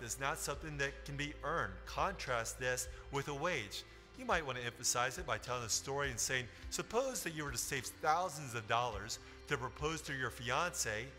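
A man calmly teaching listeners step by step how to share their faith. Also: mid-range voice. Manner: calm step-by-step instruction. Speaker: teacher of evangelism. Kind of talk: instructional sermon teaching. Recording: long hall reverb with faint music.

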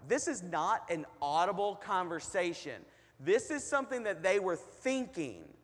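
Guy preaching in a church hall, kinda high voice, lots of reverb, asks questions to the room. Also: big pitch swings, unhurried. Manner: conversational preaching, rhetorical questions. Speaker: pastor. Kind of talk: sermon.

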